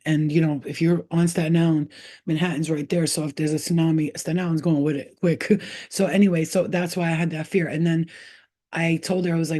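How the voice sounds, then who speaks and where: A woman's voice: low voice, fairly even intonation, brisk, dark tone. A woman hosting a casual spiritual livestream, talking bluntly in streetwise slang with plenty of swearing and stopping now and then to scold her cat. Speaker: spiritual healer and livestream host.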